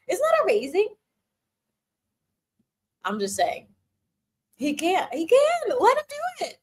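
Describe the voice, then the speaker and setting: A young woman hosting a casual live-stream Q&A, giggling often and teasing her chat as she gives playful advice. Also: high voice. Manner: giggly, laughs often between phrases.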